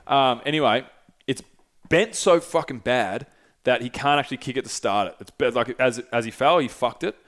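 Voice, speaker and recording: A man's voice: mid-range voice, normal speed, fairly bright tone. A young man telling a long travel story in a loose, profane, filler-heavy way as a podcast host. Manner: profane, rambling anecdote with frequent fillers. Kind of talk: casual solo storytelling.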